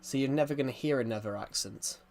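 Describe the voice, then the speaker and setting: His mid-range voice is darkish with vocal fry, and he talks fast. A rural Englishman with a strong West Country accent, he rambles to stream viewers, repeating phrases and calling them guys.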